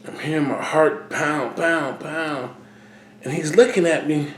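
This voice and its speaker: Slow, halting man in an echoey room. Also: on the high side, fairly even intonation, slight background noise. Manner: halting, emotional, repeats words. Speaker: vlogger. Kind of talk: personal talk to camera.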